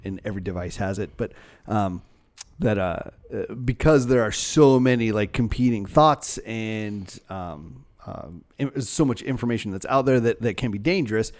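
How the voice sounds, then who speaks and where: A man's voice: fairly low pitch, a little mellow. Male podcast co-host, casual rambling delivery, full of ums and self-corrections. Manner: rambling, many fillers and restarts. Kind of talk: casual chat.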